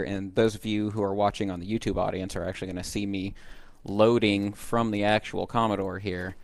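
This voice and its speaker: A man's voice: lowish voice, gravelly. A man hosting a podcast, casually explaining old computer music tech step by step with enthusiasm. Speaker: podcast host. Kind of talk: casual podcast chat and demo.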